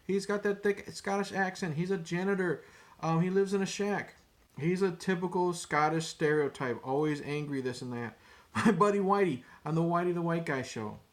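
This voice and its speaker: Male vlogger, casual rant, rambling, profane, stumbles over words, fairly high voice. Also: normal speed. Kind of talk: casual opinion rant to camera.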